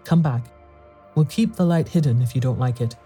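A man's voice: medium pitch, moderate pace, dark tone, husky, soft background music, lightly acted. A man voicing a plain-spoken, kindly fisherman skipper in a storybook reading.

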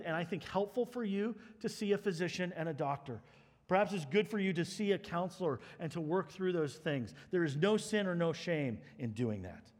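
A man delivering a sermon from the pulpit, his voice pitched high and full of lively swings. He moves from impassioned, near-shouting stretches down to quiet, gentle ones. The sound rings out with the long reverb of a large hall. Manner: earnest, swings from loud impassioned to soft and hushed. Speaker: pastor.

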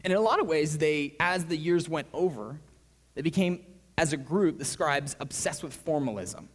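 A man preaching a sermon as pastor, animated, his voice swinging between hushed and loud. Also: on the high side, normal speed. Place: church. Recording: reverberant church hall.

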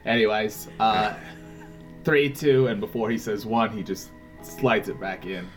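A man's voice: lowish voice, measured pace, soft background music. A man playing in a tabletop game, describing his character's actions casually. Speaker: player.

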